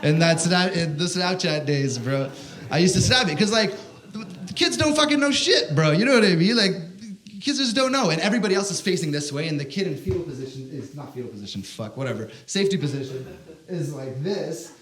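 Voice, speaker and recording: A man's voice: fairly high pitch, animated, a little fast, fairly bright tone. A young man doing stand-up comedy, telling a story in a brash, profane, slangy way and calling people "bro.". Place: comedy stage before a live audience.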